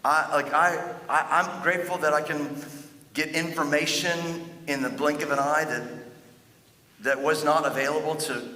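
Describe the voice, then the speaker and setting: A male pastor preaches in a relaxed storytelling manner, repeating and restarting his words as he goes. His voice is fairly high and bright, carried by the long reverb of a big church auditorium. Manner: conversational storytelling with frequent stuttered restarts. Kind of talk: sermon. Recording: echoey hall with long reverb.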